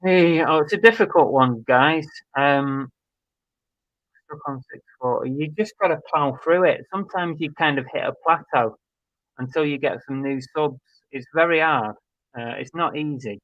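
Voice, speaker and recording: A man's voice: on the high side, normal speed, no echo. A man co-hosting a live chat show, reading out viewer comments in a chatty, laid-back way with plenty of fillers. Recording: dry, slightly dull stream audio.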